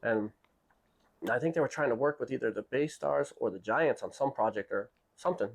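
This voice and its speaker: A man's voice: mid-range voice, brisk, gravelly, slightly rough. Man telling a story animatedly. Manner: animated, acts out quoted voices of others. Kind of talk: casual storytelling monologue. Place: Japan.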